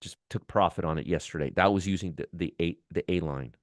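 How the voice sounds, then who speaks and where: A man's voice: low voice, fairly quick, no room sound, studio quality. A man hosting a stock trading show, talking casually and enthusiastically about charts, often repeating words and restarting phrases. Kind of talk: casual market commentary.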